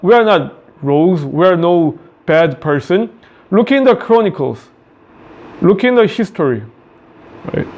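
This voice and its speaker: A man with a Korean accent, a high school English teacher, explaining a play line by line and often restating quotes in plain words with repetition. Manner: paraphrases quotes in plain words, repeats phrases.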